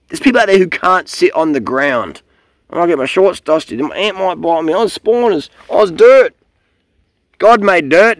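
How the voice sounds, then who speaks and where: Gravelly man ranting about training. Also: mid-range voice, no echo. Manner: blunt, profane, rambling, swears freely. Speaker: cycling vlogger. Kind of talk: casual rambling monologue. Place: outdoors.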